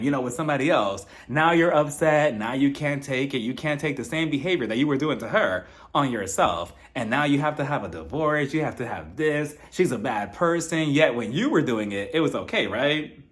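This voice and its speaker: A young man recapping a reality show in casual commentary, sarcastic and animated, acting out people's lines and laughing often. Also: fairly high pitch.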